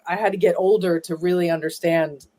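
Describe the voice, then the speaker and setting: A woman with a slightly low voice tells stories about her family in a relaxed interview. She rambles along with plenty of fillers and restarts. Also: a little fast. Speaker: guest, granddaughter of a former ballplayer. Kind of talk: casual storytelling interview.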